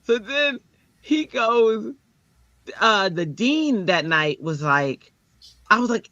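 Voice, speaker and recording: Speaking at a normal speed, a teacher tells a personal anecdote in casual talk, animatedly voicing those she quotes through pitch jumps. The recording has no echo, and the high frequencies are cut off.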